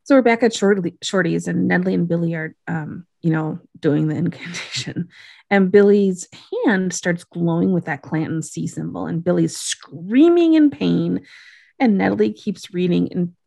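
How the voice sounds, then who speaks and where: A woman's voice: fairly low pitch, normal speed, gravelly, mellow. A woman co-hosting a podcast, chatting and reacting as she recaps a TV episode. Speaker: podcast co-host. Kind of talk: casual recap chat.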